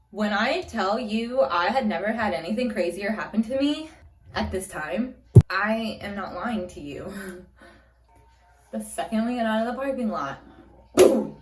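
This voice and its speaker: A woman in her thirties casually telling a personal story for her vlog, chatty and animated, with lots of "like". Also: medium pitch, slight background noise. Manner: chatty, animated, heavy use of "like". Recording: roomy echo, faint music.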